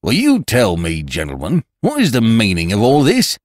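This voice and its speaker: A man's voice: fairly low pitch, huge pitch swings, moderate pace, dry recording, studio quality, voice pushed up. A man voicing a flustered building manager who demands an explanation. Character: anxious male building manager.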